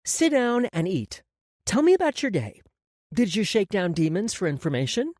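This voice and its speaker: A man's voice: sits high, very animated, normal speed, darkish tone, dry recording, pitched above the performer's own voice. A male audiobook narrator voicing a blunt, self-assured woman with a frank, dry humor. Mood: wry. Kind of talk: audiobook character voice.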